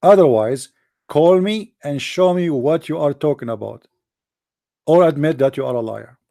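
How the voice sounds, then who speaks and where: Brief: male debate streamer, higher-pitched, mocking and confrontational, dry close sound. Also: expressive, moderate pace, vocal fry, mellow, dry recording. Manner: sarcastic, taunting, direct address to opponents. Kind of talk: mocking live-stream polemic.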